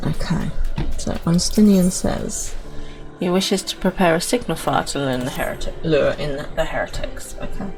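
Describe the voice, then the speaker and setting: A woman streams a game and talks casually as she plays, musing aloud about what to do next. Her voice sits low for a woman. Faint music plays in the background. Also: normal speed, poor audio. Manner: chatty, confused musing, self-talk. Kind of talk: casual live gameplay commentary.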